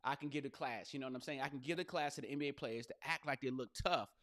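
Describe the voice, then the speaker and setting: A male podcast host and comedian delivering a loose, profane, riffing monologue, jumping into quick voices and asides. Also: medium pitch, a bit bright.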